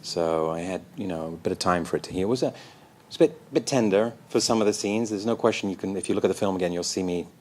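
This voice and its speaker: A man, a guest in an interview, telling animated, self-deprecating stories and acting out the voices. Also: sits low, fast talker, hardly any pauses, a little hiss or hum. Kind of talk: anecdotal storytelling in an interview.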